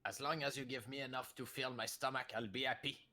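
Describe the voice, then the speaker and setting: A man playing a lizard-folk character in a tabletop game, relaxed and plain-spoken. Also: medium pitch, quick pace.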